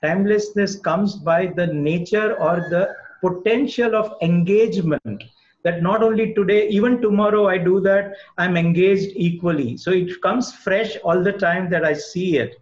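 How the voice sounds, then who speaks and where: A man's voice: high-pitched, normal speed. A man from India, a guest architect, answering questions on a webinar call in an earnest, discursive way with many fillers. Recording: muffled lo-fi call audio.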